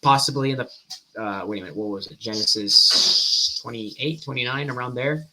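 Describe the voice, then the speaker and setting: A man hosting a stream, giving fast, animated reaction commentary and often breaking off mid-sentence. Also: medium pitch, heavy background noise. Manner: fast-talking, animated, self-interrupting. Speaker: stream host.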